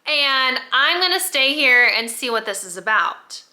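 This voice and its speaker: A woman's voice: high voice, lively intonation, measured pace, sharp tone, heavily acted. A woman doing a commanding Scottish laird. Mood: offhand.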